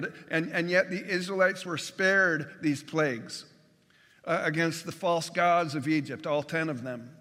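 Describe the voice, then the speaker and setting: A man's voice: sits high, pushed and bright, long reverb tail. A man preaching a sermon as pastor, conversational and folksy, with jokes and everyday comparisons.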